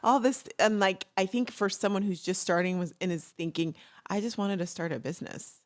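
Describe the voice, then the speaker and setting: A woman's voice: mid-range voice, fairly quick. A woman hosting a podcast in casual chat. She is effusive and openly emotional, gushing praise at her guest. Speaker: podcast host.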